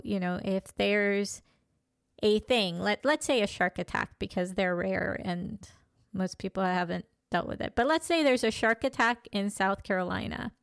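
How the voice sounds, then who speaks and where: A woman in her fifties talking candidly in a reflective personal monologue, pausing and restarting as she thinks. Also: mid-range voice, gravelly, clear, resonant tone, no echo, clean studio sound. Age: 50s. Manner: thoughtful, candid, with frequent pauses and restarts. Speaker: vlogger.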